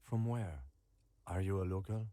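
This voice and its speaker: An actor voicing a composed, reserved male police lieutenant in a detective game, calm and clipped. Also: sits low, a little slow, dry recording. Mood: dry.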